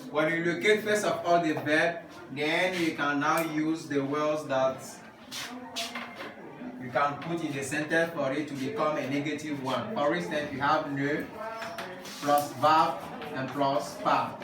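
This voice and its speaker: A man's voice: a little high, steady tone, measured pace, noisy background. A man with an African English accent teaching French grammar to a class, explaining step by step. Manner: drills the class with call-and-response. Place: large echoey classroom. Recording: echoey room from far off.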